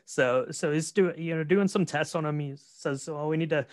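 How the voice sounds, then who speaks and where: A man co-hosting a casual podcast, retelling a film's plot with relaxed, rambling speech full of fillers. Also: a little high, normal speed, no echo, clean studio sound. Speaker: podcast co-host. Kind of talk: casual movie recap chat.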